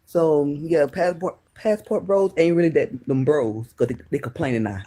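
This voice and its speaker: A man's voice: a little high, normal speed, dark tone. A man calling in to a live stream, talking casually and brushing points aside. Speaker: caller.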